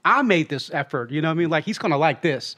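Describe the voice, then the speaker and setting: A man co-hosting a casual podcast, telling his side of a story in a chatty way, often trailing into quiet asides. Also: a little high, lively intonation, quick pace. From Southeast Asia. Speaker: comedian co-host.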